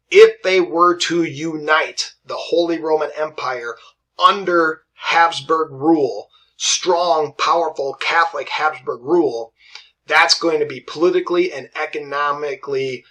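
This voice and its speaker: A male history teacher lectures in a loose, conversational way. His voice sits a little high and rings bright and forward. He keeps checking in with his students and slips into brief impressions of the figures he describes. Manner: chatty, asks "right?" often, acts out historical figures in quick asides. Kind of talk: casual classroom lecture.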